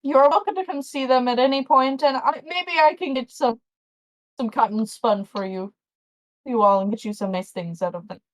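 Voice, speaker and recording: A woman's voice: high voice, moderate pace, close to an everyday voice. A woman voicing a fussy, chatty old male farmer who babbles on. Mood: grateful. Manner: babbling, doting, rambling.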